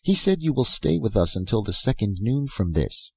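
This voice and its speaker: A man with a deep, husky voice voicing a young otherworldly girl who speaks softly, slowly and carefully, with a playful, teasing manner. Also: very animated, no echo, heavily acted. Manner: soft, slow, careful speech.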